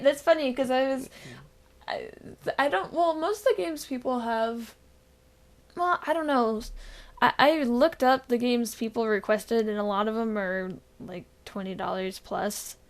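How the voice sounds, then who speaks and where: Casting: woman podcast co-host, a little high-pitched with a gravelly fry, tired deadpan delivery, rambling with fillers. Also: unhurried. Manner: rambling with frequent fillers and laughs. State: recovering from illness. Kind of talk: casual podcast chat.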